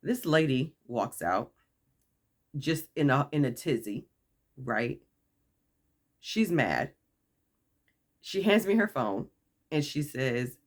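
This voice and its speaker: A woman vlogger telling a story in a casual, animated way, acting out the people she quotes and laughing often. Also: rumbling low, slow, pauses often.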